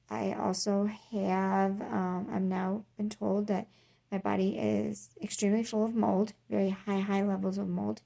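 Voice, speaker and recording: A woman talking casually to camera in a personal vlog, pausing often with ums and restarts, earnest and a little tired. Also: medium pitch, creaky, warm tone. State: tired, unwell. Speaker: vlogger.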